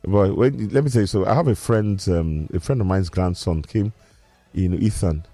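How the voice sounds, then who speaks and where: A man's voice: low-pitched, normal speed, mellow, no room sound. A Nigerian man co-hosting a sports radio show, chatting casually about football, joking, laughing and slipping into pidgin.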